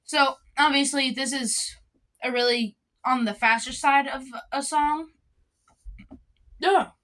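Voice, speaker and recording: A woman talking casually about her clarinet practice, halting and full of fillers. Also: high voice, fairly even intonation, a bit bright. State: has the hiccups. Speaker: student clarinet player. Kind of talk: casual practice vlog talk.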